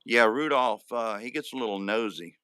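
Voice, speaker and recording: A man's voice: on the low side, moderate pace, bright, forceful tone, smooth, dry recording. A man hosting a live stream in casual chat, joking and reading out viewer comments. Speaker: livestream host.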